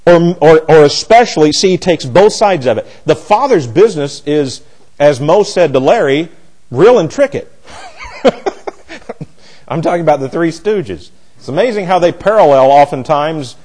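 A man's voice: fairly high pitch, expressive, normal speed, a little mellow, poor audio. A man teaching a Bible class, blunt and emphatic, often restarting his sentences.

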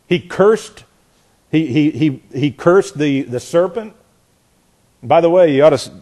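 A male preacher with a voice a touch higher than most men's. He talks through his sermon conversationally, stumbles over his words and starts again, and lets out a chuckle here and there. He leans in harder and grows more forceful as his point builds. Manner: conversational, with repeated restarts and chuckles.

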